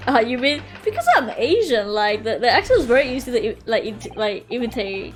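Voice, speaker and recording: A woman's voice: fairly high pitch, sing-song, fairly quick, hardly any pauses, faint music behind. A woman streaming a game, chatting casually and blurting out swears and reactions.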